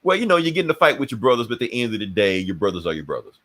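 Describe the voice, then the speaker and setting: Animated man retelling a comic. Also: fairly low pitch, rapid-fire. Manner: animated retelling, acting out characters' lines. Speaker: podcast host. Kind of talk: casual comic book podcast chat.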